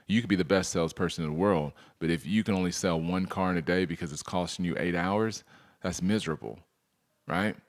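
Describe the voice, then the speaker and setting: Energetic man coaching a sales team. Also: sits low, fairly quick. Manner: energetic, rhetorical questions to the audience; acts out customer and salesperson dialogue. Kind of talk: sales training presentation.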